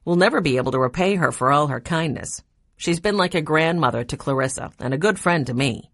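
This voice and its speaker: A woman's voice: low-pitched, animated, brisk, no room sound, clean studio sound. A woman voicing a friendly, earnest man who teaches history.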